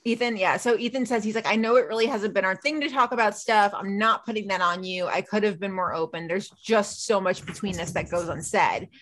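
A woman hosting a podcast recaps a TV episode in casual conversation, animatedly performing the characters' lines. Her mid-range voice moves briskly with hardly any pauses.

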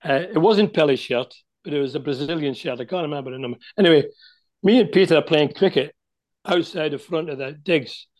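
An older man recalls his playing days over a video call, rambling from one story to the next with plenty of restarts. His voice sits a little high for a man. He keeps a warm, anecdotal flow going. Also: fairly quick. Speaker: guest, former footballer. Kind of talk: storytelling interview.

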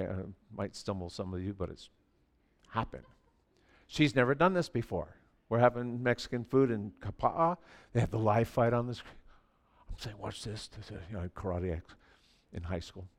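A man in his sixties preaching a sermon in a church, telling stories animatedly and swinging from quiet asides to near shouting. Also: medium pitch, expressive, a little slow. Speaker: pastor.

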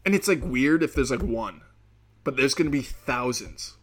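A man rambling alone on his podcast, swearing freely, laughing at his own jokes and breaking into quick impressions of other people. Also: mid-range voice, animated, a bit bright. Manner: acts out quoted people in sudden bursts. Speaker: podcast host. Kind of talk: solo podcast rant.

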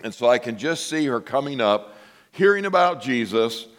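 A man preaches a sermon at a middle pitch. He tells the story with lively asides and speaks to his listeners directly. When he quotes the people in it, he acts their lines out. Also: moderate pace. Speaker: pastor.

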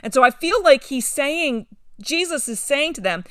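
A woman co-hosting a Bible study discussion, talking with enthusiasm and growing animated as she retells scripture. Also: high-pitched, moderate pace, dry recording, clean studio sound.

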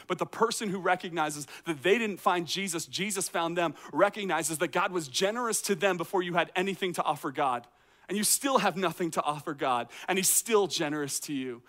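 Speaking fairly quickly in a high, slightly bright voice, a teaching pastor gives a chatty sermon in an outdoor courtyard. Rhetorical questions and acted-out reactions run all through it.

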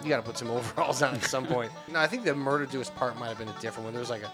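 Man, mid-pitched, rambling podcast co-host, trails off low, faint music under. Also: rapid-fire. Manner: rambling, lots of fillers and restarts, drifts into a mumble. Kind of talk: casual chat.

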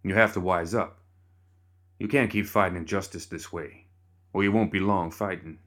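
Gruff tired dad leading a posse, deep and stern, read by a man. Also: moderate pace, a bit bright. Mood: weary.

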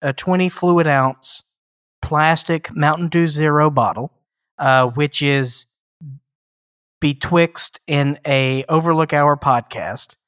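A man's voice: a little high, fairly even intonation, takes it slowly, a bit bright, no echo, studio quality. A man co-hosting a podcast in casual chat, rambling and jokey with mock-formal asides. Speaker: podcast co-host.

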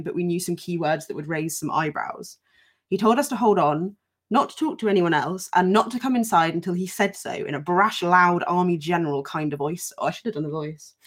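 A woman co-hosting a podcast, reading a listener's story aloud with frequent laughter and casual swearing, then chatting. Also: mid-range voice. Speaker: podcast co-host.

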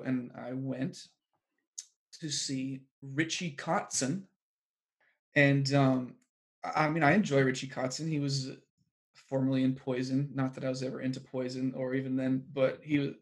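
A man co-hosting a podcast, chatting casually as he tells a story, animated and full of fillers and exclamations. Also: medium pitch. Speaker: podcast co-host. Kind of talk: casual chat.

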